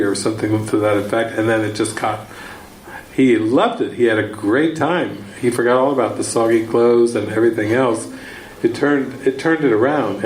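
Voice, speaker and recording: A man's voice: medium pitch, a little mellow, slight background noise. A man giving a spiritual teaching talk, telling a story and repeating words for emphasis. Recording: echoey room, faint ambience.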